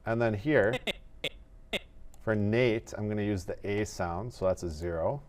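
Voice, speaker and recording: A man teaching animation in a screen-recorded tutorial, explaining each step in a methodical, relaxed way. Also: on the low side, a little slow, a little hiss or hum.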